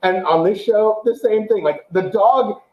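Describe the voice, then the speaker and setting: A man co-hosting a casual show, chatting animatedly about a TV series and acting out quotes in a high, excited voice. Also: unhurried, echoey room, muffled recording. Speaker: podcast co-host. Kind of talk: casual chat, show review.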